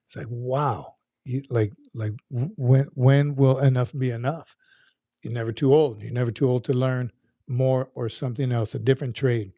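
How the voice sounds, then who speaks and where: A man's voice: mid-range voice, fairly even intonation, moderate pace, warm tone, dry recording, studio quality. A man hosting a casual livestream, greeting viewers by name in an upbeat, folksy, rambling way. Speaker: livestream host.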